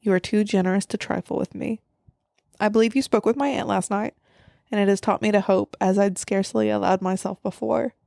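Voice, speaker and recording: A woman quoting a lovestruck young gentleman suitor. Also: mid-range voice, fairly even intonation, a little fast, vocal fry, no room sound, clean studio sound. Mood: earnest. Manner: earnest, quoting film dialogue. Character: lovestruck young male suitor reciting devotion.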